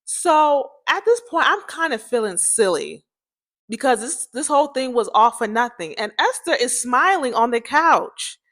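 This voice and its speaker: A woman's voice: sing-song, a little slow, a bit bright. A woman hosting a podcast, telling a personal story in a chatty, candid way, talking straight to her listeners and acting out what people said. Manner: chatty, addresses listeners directly, acts out quoted dialogue; candid, self-described pitchy, cracky voice.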